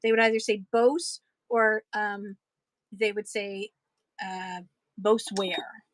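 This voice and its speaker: A woman's voice: mid-range voice, steady tone, takes it slowly, no echo, low-quality recording. A woman chatting casually and enthusiastically as she sells vintage items on a live stream, rambling between pieces. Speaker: live-stream online seller. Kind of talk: casual live-selling chat.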